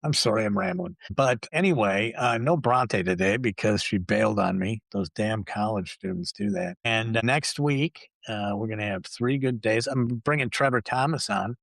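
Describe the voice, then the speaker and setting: A man's voice: on the low side, moderate pace, vocal fry, hardly any pauses, a bit bright, dry recording. A man hosting a talk show alone, ranting in a blunt, profane and sarcastic way. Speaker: podcast host.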